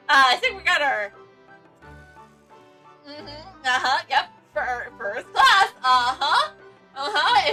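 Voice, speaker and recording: A woman's voice: high voice, very animated, slow, long pauses, pushed and bright, faint music behind, rough recording. A woman streamer giving playful, giggly commentary during a live game playthrough.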